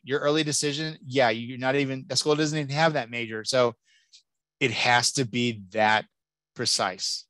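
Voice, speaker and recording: A man giving an animated, joking college admissions talk and taking audience questions. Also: medium pitch, no room sound. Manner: lively, jokey, exclamatory. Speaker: college admissions keynote speaker.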